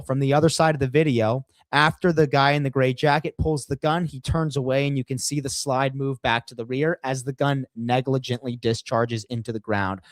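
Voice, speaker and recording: A man's voice: medium pitch, dry recording. A man co-hosting a podcast, brash and profane, walking viewers through a video. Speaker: podcast co-host. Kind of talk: casual podcast discussion.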